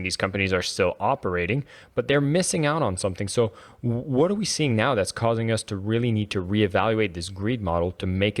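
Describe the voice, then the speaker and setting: A man hosting a podcast interview, friendly and curious as he asks questions. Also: lowish voice. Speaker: podcast host. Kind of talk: casual interview talk.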